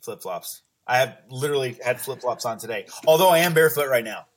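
A man from East Texas, a podcast guest at home, talking in a relaxed, rambling, casual way. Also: medium pitch, quick pace, slight background noise. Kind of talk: casual chat.

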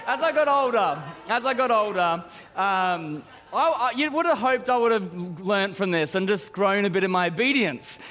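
High-voiced pastor, hall reverb. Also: male voice, fairly bright tone. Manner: storytelling, joking. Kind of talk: sermon. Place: large church hall. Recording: hall reverb from a church service.

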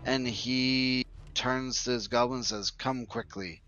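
A man narrates a tabletop adventure as dungeon master, slowly and calmly. His voice sits in a middle range. The recording is muffled and lo-fi, with faint music behind it. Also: mid-range voice. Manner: relaxed, unhurried storytelling with offhand rulings.

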